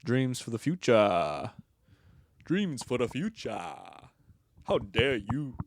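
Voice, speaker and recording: A man's voice: mid-range voice, sing-song, slow pace, dry recording, voice pushed up. A man voicing an erratic, indignant white South African man with a South African accent, delivered in dramatic outbursts.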